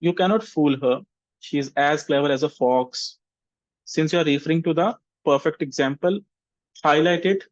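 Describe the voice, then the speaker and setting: A man teaching an online vocabulary class, modeling example sentences slowly and deliberately to show intonation. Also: fairly high pitch, no echo, lo-fi sound. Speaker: English teacher.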